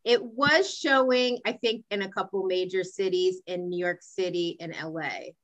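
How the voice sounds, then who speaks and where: Female interviewer, eager and reactive, lowish pitch. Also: a bit bright, lo-fi sound. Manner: enthusiastic, quick to react. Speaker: interviewer, host. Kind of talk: casual interview chat.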